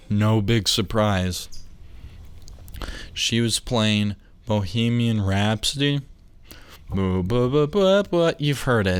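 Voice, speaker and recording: A man's voice: on the low side, smooth, dry recording. A young man hosting a casual podcast, rambling and interrupting himself with jokes and lost trains of thought. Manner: rambling, self-interrupting, jokey. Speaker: podcast host.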